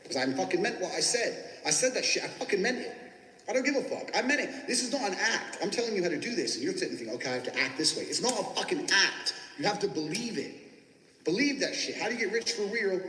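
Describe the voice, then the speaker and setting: A man's voice: sits high, lively intonation, fast talker, bright, forceful tone. A man giving a brash, boastful, profanity-laced motivational talk about sales and getting rich. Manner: brash, boastful, swears constantly. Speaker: business coach teaching sales. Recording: echoey room with long reverb.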